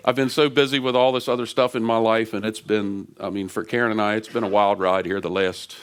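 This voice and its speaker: A man giving a lively, conversational sermon from a church stage microphone, chatty and quick to laugh. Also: lowish voice, slight background noise. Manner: animated and chatty, laughs often. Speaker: guest preacher. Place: church sanctuary.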